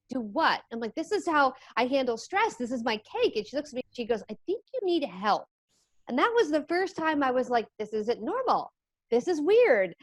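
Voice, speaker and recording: A woman guest in an interview, telling her story in a lively, animated way. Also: a little high, dry recording. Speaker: interview guest, addiction coach.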